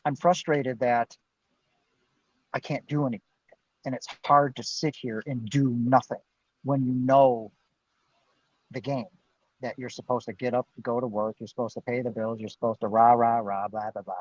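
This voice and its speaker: A man's voice: medium pitch, steady tone, normal speed, long pauses, darkish tone, no echo, muffled recording. A middle-aged man, a guest on a livestreamed interview, telling his story in an earnest, emphatic way and often adding "right?". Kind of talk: storytelling in a live-streamed interview. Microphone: video call.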